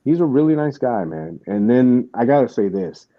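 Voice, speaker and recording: A man's voice: medium pitch, very animated, normal speed, no echo, highs cut off. A man hosting a podcast, telling a story in casual chat, with lots of restarts and asides. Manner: rambling storytelling with many restarts. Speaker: podcast host.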